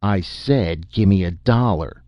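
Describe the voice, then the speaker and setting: A man's voice: sits low, slow, darkish tone, dry recording, voice pushed up. A man voicing a drunken, snarling miner father. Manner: growling, snarling. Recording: dull lo-fi dry recording.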